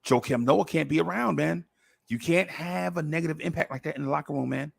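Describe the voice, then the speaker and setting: A man's voice: a little high, a little fast, gravelly, slightly rough, exaggerated voice. A man doing an impression of a fellow male basketball podcaster, dropping his voice and talking in an earnest, preachy way with a pursed lip.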